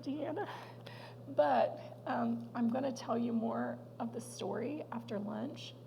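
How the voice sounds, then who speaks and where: A woman speaking as a guest at a women's luncheon, sharing a personal testimony in a heartfelt, halting way that sometimes sinks to a near whisper. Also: fairly high pitch, creaky, background noise.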